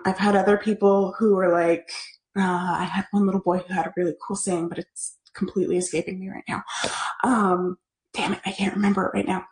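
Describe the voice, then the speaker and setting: A woman hosting a live online parenting class, talking in an animated, chatty way as she answers viewer comments. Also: medium pitch, a little fast. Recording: echoey room.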